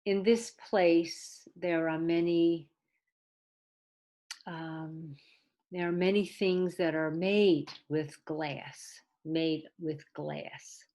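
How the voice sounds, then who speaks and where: A woman teaching English as a second language, slowly modeling words one at a time in a deliberate pronunciation drill. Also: low voice, steady tone, mellow. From came to the area as an adult. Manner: clear, deliberate word-by-word modeling. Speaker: ESL teacher.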